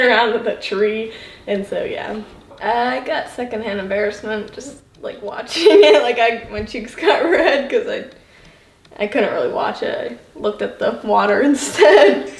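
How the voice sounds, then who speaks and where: High-voiced young woman, giggly. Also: echoey room. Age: young adult. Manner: giggly, bashful storytelling. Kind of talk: reminiscing documentary interview.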